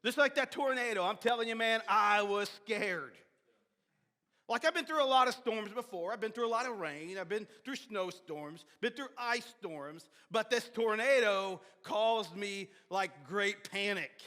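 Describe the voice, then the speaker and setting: A man preaching a sermon as pastor, animated, with sudden shouts and soft drops, often repeating and restarting words. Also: high-pitched, a little slow. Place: church sanctuary. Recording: long hall reverb of a church sanctuary.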